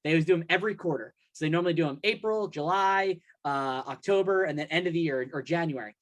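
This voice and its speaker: Talking at a quick pace in a slightly high voice, a man hosting a casual podcast rambles through a lengthy story, voicing his own thoughts aloud as if performing them.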